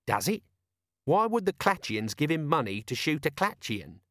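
A scruffy, grumbling corporal, as a male reader puts him on, a little higher than the reader's own voice. He whines and jabs cheekily. The sound is dry and close. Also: big pitch swings, moderate pace, a bit bright, dry recording. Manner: whiny, cheeky.

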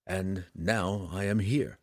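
Male narrator voicing a brooding elf ranger: hushed, grave, deliberate, storybook. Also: fairly even intonation, no room sound, clean studio sound, exaggerated voice. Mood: solemn. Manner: low, quiet and solemn, slow measured speech. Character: grave dark elf ranger, weary and noble. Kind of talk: audiobook character voice.

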